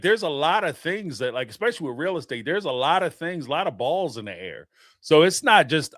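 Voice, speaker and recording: A man hosting a reality-TV podcast, talking in an animated, profane way and laughing often. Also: on the high side, no room sound, clean studio sound. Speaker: podcast host. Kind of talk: casual reaction commentary.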